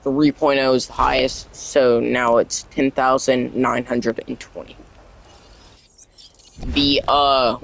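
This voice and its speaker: A man talking through a casual game tutorial at an unhurried, slow pace. He reads the on-screen text aloud haltingly, stumbling over words, and his voice sounds worn as if he is losing it. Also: mid-range voice, flat delivery, creaky, a bit bright, poor audio. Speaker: gaming channel creator.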